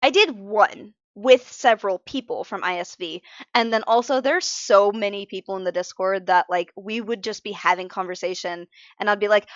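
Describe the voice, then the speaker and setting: A woman's voice: medium pitch, a little fast, hardly any pauses, dry recording, muffled recording. A tired woman streamer chatting casually while she draws. She rambles and interrupts herself, and is frank about being emotional. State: tired from little sleep. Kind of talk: casual live-stream chat while drawing.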